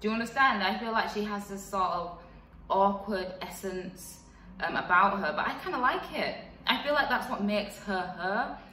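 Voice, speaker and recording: A woman's voice: medium pitch, moderate pace, pushed and bright, distant mic, slight background noise. A young woman in her twenties, chatting frankly in a casual vlog, with lots of fillers. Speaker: vlogger. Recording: echoey room, voice a bit off-mic.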